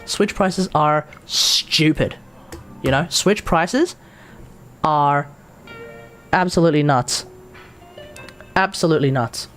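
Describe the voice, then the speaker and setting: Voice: medium pitch, slow, pauses often, fairly bright tone, soft background music. An Australian live streamer in casual chat, rambling and exasperated, with mild swearing.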